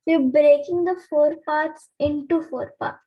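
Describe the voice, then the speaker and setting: A woman's voice: high-pitched, steady tone, unhurried, dull audio. A woman answering as a student in brief, tentative replies.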